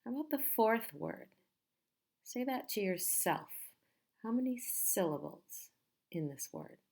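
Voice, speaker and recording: A woman teaching a pronunciation lesson, speaking slowly and patiently and repeating each word carefully. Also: mid-range voice, expressive, gravelly, darkish tone, slightly rough.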